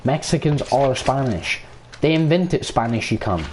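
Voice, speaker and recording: A man's voice: medium pitch, expressive, measured pace, darkish tone, slight background noise. An Irish man streaming a game, ranting in casual chat and swearing freely as he plays. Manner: profane, ranting, talks over gameplay.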